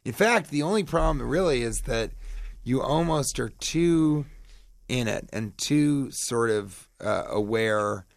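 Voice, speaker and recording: A man's voice: mid-range voice, animated, slow, creaky, no room sound, studio quality. A man guesting on a radio show, chatting in a rambling, self-mocking way and laughing easily. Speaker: guest comedian. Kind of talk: casual radio chat.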